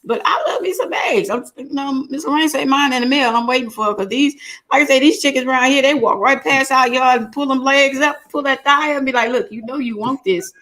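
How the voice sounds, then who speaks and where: High-voiced, joking woman host. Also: brisk. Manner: animated, joking, laughs often. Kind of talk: casual chat.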